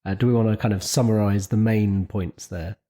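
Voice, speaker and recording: A man's voice: on the low side, steady tone, a little fast, mellow. A man co-hosting a podcast, thinking aloud in a hesitant, musing way. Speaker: podcast co-host. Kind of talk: casual political discussion.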